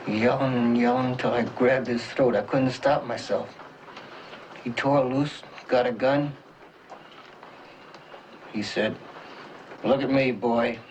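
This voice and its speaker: A brooding young male killer confesses in a film drama, played by an actor. His voice is slow, low and haunted, with middling pitch and a faint hiss behind it. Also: fairly even intonation, darkish tone, close to an everyday voice, rough recording.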